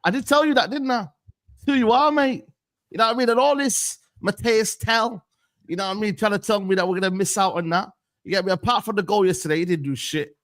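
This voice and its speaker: A man's voice: sits high, quick pace, a bit bright, no room sound, studio quality. A man on a football panel, teasing a fellow panelist in slangy banter.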